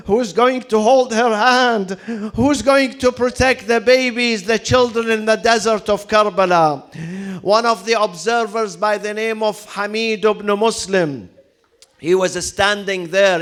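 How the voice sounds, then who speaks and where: A male preacher telling a story in a mourning sermon, dramatic and building to loud lamenting cries, with recited Arabic mixed into his English. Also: sits high, smooth.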